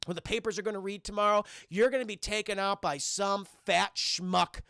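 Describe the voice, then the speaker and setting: A man's voice: sits high, steady tone, moderate pace, pushed and bright, smooth, no echo, clean studio sound. A man voicing a fed-up, bitter ordinary middle-aged man in a seething rant.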